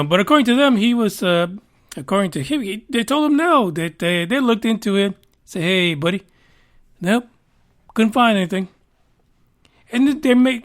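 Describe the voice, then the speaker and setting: A high-pitched man hosts a casual news podcast, reading stories aloud and riffing on them in a sarcastic, animated style with plenty of swearing.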